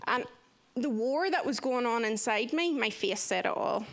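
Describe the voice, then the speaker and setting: Earnest woman, slightly high voice. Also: normal speed. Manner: earnest and expressive, acting out quoted voices. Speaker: speaker sharing a personal testimony. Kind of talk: candid storytelling talk.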